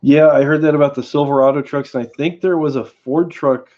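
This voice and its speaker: A man hosting a livestream, chatting loosely and telling a story in a halting, rambling way. His voice is dark and mellow. The audio is a bit dull and lo-fi. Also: a little high, steady tone. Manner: rambling, halting, many restarts. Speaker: livestream host.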